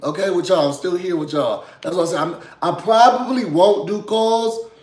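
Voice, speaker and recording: Hoarse, sassy man recapping reality TV. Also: high-pitched, normal speed, darkish tone, roomy sound. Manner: chatty, sassy, asks "you know what I'm saying?". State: hoarse, under the weather. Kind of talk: casual recap commentary.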